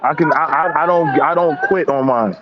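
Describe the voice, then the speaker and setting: A man with a high, lively voice, arguing hard in a casual group debate. He is blunt and slangy and hammers his points by repeating words. The audio is dull and lo-fi. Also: normal speed, a loud crowd. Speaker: panelist.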